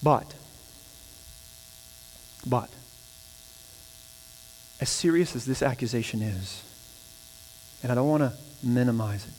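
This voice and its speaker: A man's voice: medium pitch, slow pace, long pauses, a little mellow. A man preaching a sermon as pastor, building to emphatic, repeated phrases. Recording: hall reverb with mains hum.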